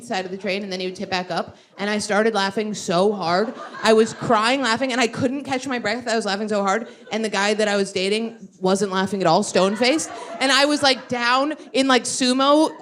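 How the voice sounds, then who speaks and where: A woman comedian trades stories on a live podcast stage, her voice sitting a little higher than most. She is animated and laughs as she talks, acting out what people said. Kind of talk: live podcast banter, storytelling. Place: live venue before an audience.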